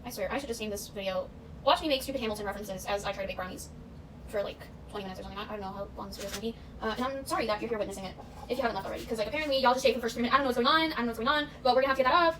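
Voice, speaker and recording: In this casual baking vlog, a young woman talks fast from her home kitchen at a medium pitch. She's chatty and self-deprecating, now and then slipping into snatches of show tunes, all captured by a noisy camera mic set some distance away.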